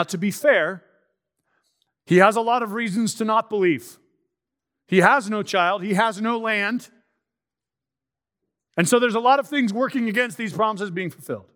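A man preaching a sermon, reading scripture aloud and teaching in a measured, emphatic way with pauses. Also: sits high, a bit bright.

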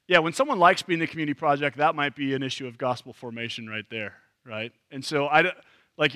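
A man's voice: medium pitch, sharp tone, no echo. A man leading a church training session, talking casually with many fillers and restarts. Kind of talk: casual teaching to a group.

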